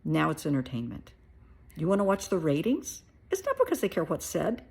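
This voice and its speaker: Husky, gravelly-voiced blunt woman therapist. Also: low voice, wildly swooping pitch, moderate pace, darkish tone. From United States. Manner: blunt, plain-spoken, colloquial. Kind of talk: casual opinion monologue to camera.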